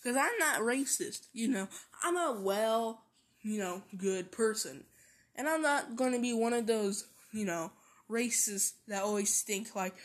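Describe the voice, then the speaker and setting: A woman's voice: mid-range voice, measured pace. A woman vlogging in a casual rant, swearing constantly and repeating herself.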